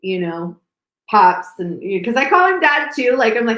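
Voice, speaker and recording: A woman's voice: mid-range voice, expressive, fairly quick, fairly bright tone. A woman co-hosting a podcast in casual chat, talking emotionally and gushingly with many fillers. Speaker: podcast co-host. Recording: roomy echo.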